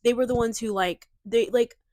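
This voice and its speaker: A young woman co-hosting a casual podcast, her voice sitting a little high. She talks in an emphatic, animated way, full of fillers. The sound is dry and close on a cheap mic. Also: moderate pace, no echo. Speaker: podcast co-host. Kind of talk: casual chat. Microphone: cheap desk mic.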